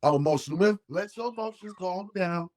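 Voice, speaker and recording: High-voiced animated man chatting. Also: a little fast. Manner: animated, acts out quoted dialogue, swears freely. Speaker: podcast co-host. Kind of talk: casual conversation.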